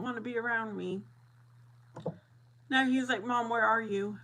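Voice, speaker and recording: A middle-aged woman chatting casually with viewers, animated and laughing often as she acts out both sides of a story. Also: a little high, unhurried, pauses often, low-quality recording.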